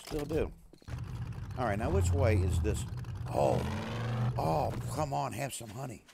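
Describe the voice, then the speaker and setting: Chatty gaming streamer. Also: male voice, mid-range voice, sing-song, a little slow, gravelly, background noise. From USA. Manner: chatty, talks to his chat and his dog, jokey. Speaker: streamer playing a survival game. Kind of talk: casual live-stream chat.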